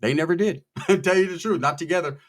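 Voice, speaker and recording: A man telling a story in a casual, profane, animated way, acting out the people in it. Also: a little high, fast talker. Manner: profane, animated, quotes people in their voices.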